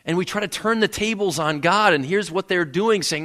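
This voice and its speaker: A man's voice: sits high, animated, fairly quick, hardly any pauses, pushed and bright. A man preaching a sermon in a church, earnest, often repeating words as he builds a point. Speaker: pastor. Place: church sanctuary.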